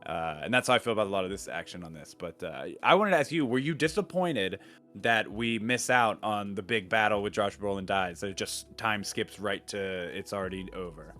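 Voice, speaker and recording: A man's voice: on the low side, lively intonation, a little fast, sharp tone, faint music behind. A young man co-hosting a casual film podcast, rambling with many fillers and restarts. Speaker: podcast co-host.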